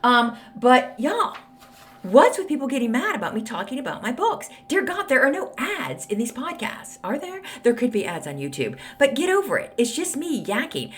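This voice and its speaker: An older woman with a drawl hosts her own podcast and talks straight to her listeners. Her pitch swoops up and down a great deal, and she sounds blunt, chatty and full of sass as she hands out advice. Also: sing-song, normal speed. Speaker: podcast host. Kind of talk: casual solo podcast monologue.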